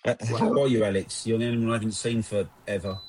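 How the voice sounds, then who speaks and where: A man's voice: on the low side, fast talker, a crowd in the background. A man chatting casually on a podcast, teasing his friends with plenty of swearing. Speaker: podcast guest. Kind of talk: casual chat.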